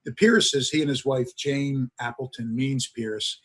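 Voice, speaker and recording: A husky-voiced man at a middle pitch, speaking as a history professor. He lectures with eager storytelling and leans on frequent "uh"s between his points. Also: steady tone, measured pace, fairly bright tone. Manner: enthusiastic storyteller, many filler "uh"s. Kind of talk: lecture to an audience.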